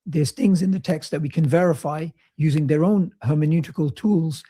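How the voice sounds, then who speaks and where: A man calling into a debate stream, speaking carefully and haltingly. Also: on the high side, warm tone, slightly rough, dry recording. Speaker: caller. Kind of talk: debate call-in.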